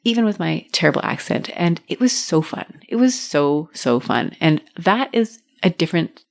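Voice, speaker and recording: Low-pitched middle-aged woman, solo podcast host, encouraging and personal. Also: expressive, normal speed, creaky. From Canada. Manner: warm encouraging advice.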